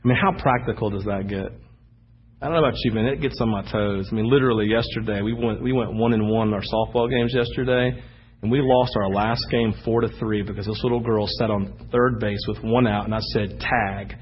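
A man preaching as the pastor, telling animated stories with sudden loud bursts. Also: on the low side, fairly quick, muffled recording, slight background noise. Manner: animated storytelling, acting out anecdotes with sudden shouts. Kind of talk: sermon.

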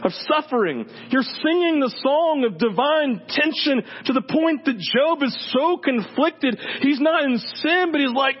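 A man preaching a sermon in an animated, joking way, acting out the voices of people he quotes. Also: very high voice, measured pace, hardly any pauses. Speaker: pastor. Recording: dull sound with faint hum.

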